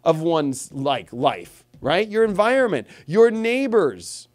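Male astrologer host, lively and rambling, slightly high voice, loose filler-heavy livestream talk. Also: takes it slowly. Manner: animated, rambling, full of fillers like "you know" and "okay".

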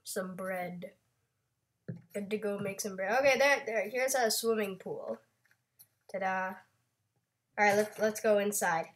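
A woman's voice: medium pitch, unhurried, pauses often. Chatty young woman playing a game. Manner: chatty, playful, self-conscious. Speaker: Minecraft channel host. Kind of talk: casual gameplay chat.

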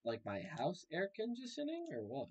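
Young male gaming host, loose jokey commentary, very animated pitch. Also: moderate pace, muffled recording. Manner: chatty, joking, reacting aloud to the game. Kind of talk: casual let's-play commentary.

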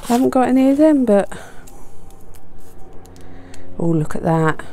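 A woman's voice: fairly high pitch, lively intonation, unhurried, dark tone, slight background noise. Gushing woman unboxing craft gifts. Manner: gushing, exclaims over each item, chatty asides. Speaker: papercraft vlogger. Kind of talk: casual unboxing chat. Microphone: desk mic close to the chin.

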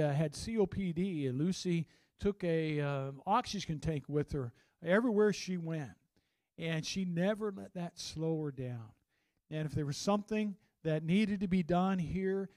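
A man preaches to his church in a folksy, animated way, breaking into stories and asides. His voice sits high for a man. The sound is dry and close, with little room echo. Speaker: pastor. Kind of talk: sermon.

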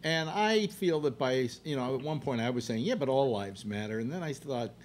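A man's voice: mid-range voice, lively intonation, normal speed, slight background noise. A man hosting a casual panel chat, blunt and wisecracking. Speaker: host.

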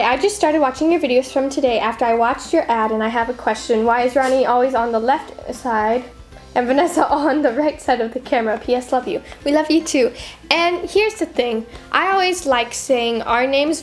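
A young woman in casual chat, reading fan questions aloud and answering them with lots of giggling. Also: high voice.

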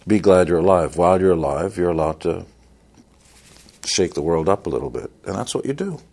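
A man with a very low, husky voice hands out advice in a blunt, emphatic manner. He talks in a motivational style and slips in wisecracks as he goes. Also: lively intonation, moderate pace, a little mellow. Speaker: interviewee giving success advice. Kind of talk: motivational talk.

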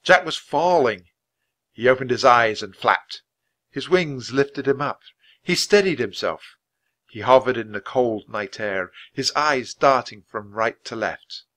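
A man reads a children's adventure story aloud with a bright, forward tone. He keeps a clear, measured pace suited to learners. His reading is lively and expressive without rushing. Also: mid-range voice. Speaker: storybook reader.

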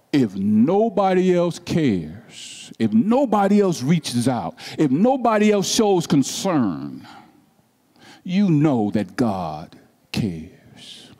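A man preaching a sermon as pastor, slow and emphatic, with repeated rhetorical questions and passages that drop to soft, hushed tones. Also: mid-range voice, long reverb tail.

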